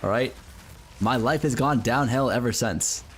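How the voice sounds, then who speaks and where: An American man talks to his stream viewers in a rambling, unpolished way. He uses a lot of fillers, drops swear words easily, and keeps an ordinary middle pitch. A faint ambient noise sits under his voice. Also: a little slow, a bit bright. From United States. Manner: rambling, filler-heavy, swears and laughs often. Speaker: game streamer. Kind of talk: casual livestream chat with viewers.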